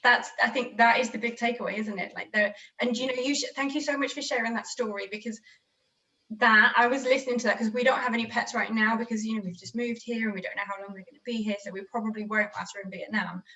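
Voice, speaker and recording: Higher-pitched woman host, muffled and distant. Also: steady tone, fast, sharp tone. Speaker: podcast host. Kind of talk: casual interview chat.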